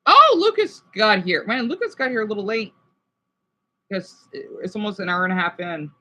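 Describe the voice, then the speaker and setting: A man on a casual livestream, talking to his chat in a halting, rambling, sympathetic way with many restarts. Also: sits high, bright, forceful tone, low-quality recording. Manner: sympathetic and emotional.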